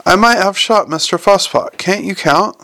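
A man reading an audiobook, voicing a sharp-tongued, imperious old woman who owns a bank. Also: high-pitched, moderate pace, no echo, voice pushed up. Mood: snappish. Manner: imperious, cynical and snappish.

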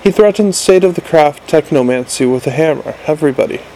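Guy doing a high little imp gadget, talks super fast and begs a lot. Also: lively intonation, mellow, a little hiss or hum, natural voice, poor audio. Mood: eager. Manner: rapid, eager, pleading. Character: fast-talking whiny small male imp gadget.

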